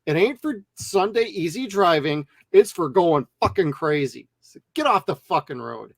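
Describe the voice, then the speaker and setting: A man co-hosting a movie review show, talking casually and bluntly with lots of swearing and animated retellings. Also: high voice, moderate pace, creaky, no room sound, studio quality. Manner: blunt, profane, animated storytelling. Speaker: movie review podcast co-host.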